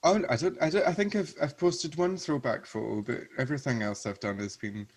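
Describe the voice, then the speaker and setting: A man's voice: mid-range voice, steady tone, brisk. Chatty Scottish man on a call. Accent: Scottish, Glasgow. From Scotland. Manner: chatty, self-mocking, swears casually. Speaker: guest, drag performer. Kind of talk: casual chat. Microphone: video call.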